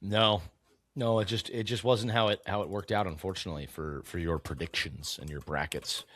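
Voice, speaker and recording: A man's voice: sits low, fairly even intonation, a little fast, fairly bright tone, no echo. A man co-hosting a sports podcast, easygoing and agreeable, often trailing off and restarting his sentences. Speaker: podcast co-host. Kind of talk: casual sports chat.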